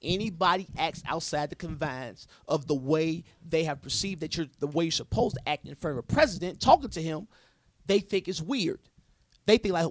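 A man's voice: on the high side, animated, normal speed, no echo. A man in a casual podcast chat, insistent and lecturing, with swearing.

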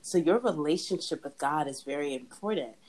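Low-voiced chatty woman host. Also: lively intonation, fairly quick, darkish tone, poor audio. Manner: chatty, laughs often, many restarts. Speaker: podcast host. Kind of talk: casual faith chat.

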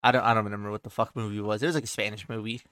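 A man's voice: lowish voice, steady tone, rapid-fire, a bit bright, clean tone, dry recording. A young man telling a childhood story in a loose, profane way on a podcast, full of "like" and "he's like". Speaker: podcast co-host. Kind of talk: casual storytelling.

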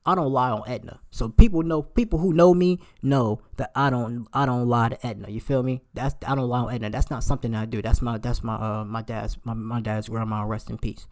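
A man in his late twenties telling a heated storytime rant, emphatic and profane, his voice jumping high when he gets outraged. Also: darkish tone. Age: late 20s.

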